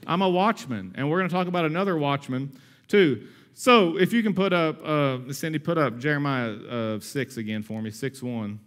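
A man in his thirties preaches to his church with a fairly high voice. He talks energetically and conversationally. He slips in humorous asides along the way. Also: a bit bright. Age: 30s. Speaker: pastor. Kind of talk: sermon.

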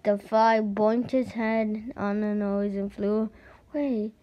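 A woman reading a children's picture book aloud, slowly and carefully, sometimes stumbling and restarting words. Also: medium pitch, fairly even intonation, lo-fi sound. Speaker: storybook reader.

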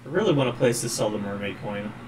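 A man casually commenting while playing a game, rambling and relaxed. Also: on the low side, quick pace. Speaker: gaming channel host. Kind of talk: let's play commentary. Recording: faint noise, distant mic.

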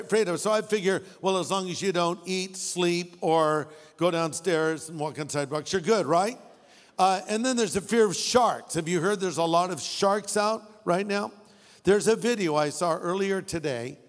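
A high-voiced male pastor preaching with humor, spinning animated stories and quick asides. His words ring out with a long reverb, as if filling a large hall. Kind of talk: sermon.

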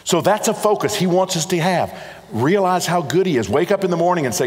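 A man's voice: high voice, expressive, a little fast. A middle-aged man preaching a sermon, earnest and repetitive, speaking directly to his congregation. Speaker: pastor. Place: church sanctuary. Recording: church hall reverb.

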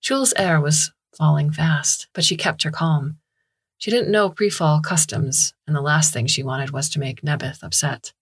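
A woman narrating a science fiction story in a measured, steady storytelling style on a close studio mic. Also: low-pitched, slightly rough.

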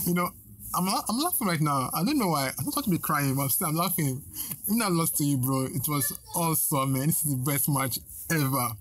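A man hosting a gaming video, giving excited gameplay commentary and exclaiming a lot. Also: fairly high pitch, brisk, breathy edge, low-quality recording.

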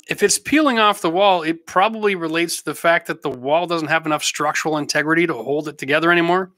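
A man's voice: a little high, sharp tone, dry recording. Man, middle-aged, from Canada, casual livestream host, practical and joking, dry close sound. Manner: chatty, practical, jokey asides. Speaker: host answering live chat questions.

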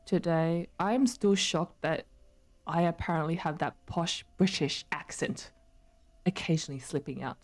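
A woman's voice: on the low side, unhurried. A young woman streaming, chatting casually with her viewers while she plays, laughing often. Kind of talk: casual chat while gaming.

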